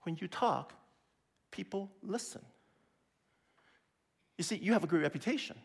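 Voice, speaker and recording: A man preaching a sermon in a lively, conversational way, often checking in with his listeners. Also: high voice, a little slow, vocal fry, breathy edge. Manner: lively, conversational preaching with frequent "okay?" and "right?". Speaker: pastor.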